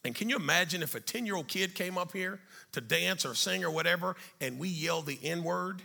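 A middle-aged man telling a life story to an audience, animated and then dropping quiet and serious. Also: sits high, brisk, vocal fry. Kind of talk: storytelling talk.

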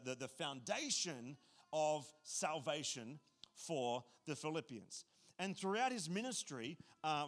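High-voiced male pastor, lively and joking, casual sermon delivery. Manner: animated, casual and joking, repeats phrases.

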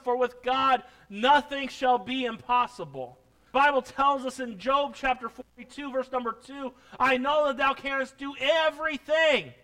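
A male pastor preaching a sermon, building from soft musing to emphatic declarations, repeating phrases and reading scripture in old-fashioned wording. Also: very high voice.

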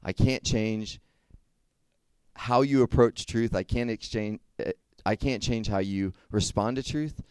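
A man's voice: on the low side, measured pace, darkish tone, clean tone, no room sound. A young man giving a casual sermon to a group, talking conversationally and checking in with frequent questions. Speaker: youth speaker.

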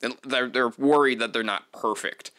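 A man's voice: mid-range voice, normal speed, bright, forceful tone, clean tone. A man hosting a podcast interview, asking rambling questions full of fillers. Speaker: podcast host. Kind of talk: casual interview chat.

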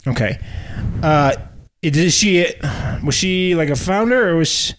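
A man's voice: fairly high pitch, expressive, a little slow, slight background noise. A man co-hosting a podcast, rambling and joking in casual chat with lots of fillers. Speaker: podcast co-host.

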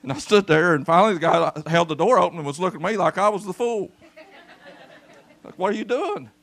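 At a church service, a pastor preaches a folksy, storytelling sermon, animated and calling out to the congregation. His voice is high-pitched and creaky, and he speaks a little fast.

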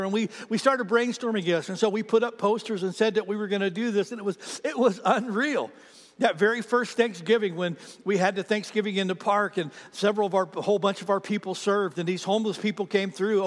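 A man preaching a sermon as a pastor, an animated storyteller who acts out the people in his stories. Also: high-pitched. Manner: animated storyteller, quotes others in his own voice. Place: church sanctuary. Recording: long hall reverb.

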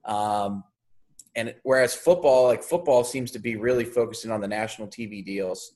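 A man's voice: lowish voice, normal speed, a little mellow. Thoughtful sports talk co-host man. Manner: thoughtful, explanatory, hedging.

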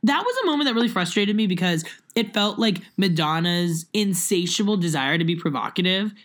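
A woman's voice: fairly low pitch, expressive, fairly quick. A young woman chatting casually as a podcast co-host. She rambles, with lots of fillers and restarts. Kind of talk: casual chat.

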